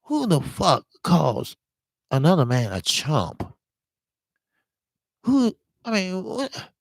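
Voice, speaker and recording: A man hosting a live-streamed boxing talk show, hoarse from talking all day, giving blunt, emphatic and profane commentary while greeting viewers. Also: on the high side, wildly swooping pitch, slow, no echo.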